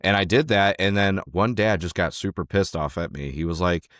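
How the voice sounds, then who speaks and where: A young man with a fairly low voice tells a story from his coaching days in an easy podcast chat. He talks animatedly, acting out what people said and swearing freely. The sound is dry and close, with no room around it. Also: animated, a little fast, hardly any pauses, dry recording. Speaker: podcast co-host, former youth wrestling coach.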